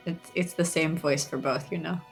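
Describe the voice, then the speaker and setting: A woman's voice: low-pitched, fairly even intonation, moderate pace, soft background music. A woman co-hosting a visual novel let's play, teasing and sarcastic, laughing often. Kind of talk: casual game commentary and reading.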